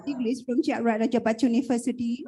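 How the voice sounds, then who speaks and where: A woman's voice: fairly high pitch, flat delivery, fast, warm tone, breathy edge. A woman moderating an online conference, polite and apologetic, often repeating her questions.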